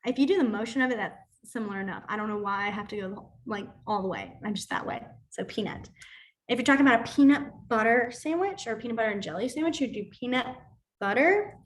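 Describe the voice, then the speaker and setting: A somewhat high-voiced woman leads an informal sign language class. She talks in a loose, chatty way, scattering fillers through her explanations and stories. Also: quick pace. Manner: chatty, filler-heavy, animated storytelling. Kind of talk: casual class teaching.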